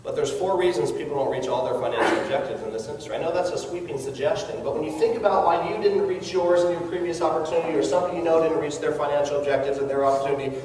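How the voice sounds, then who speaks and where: A man's voice: a little high, a little mellow, a little hiss or hum. A man giving a motivational network marketing talk, earnest and coaxing, asking his audience questions. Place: large hall with an audience. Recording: echoey hall recorded from far off.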